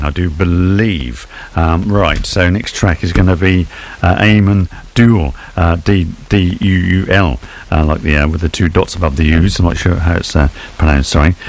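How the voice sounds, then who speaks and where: A man presenting as a radio DJ, introducing tracks in a halting way, stumbling with frequent fillers. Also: low-pitched. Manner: hesitant, stumbling, many fillers.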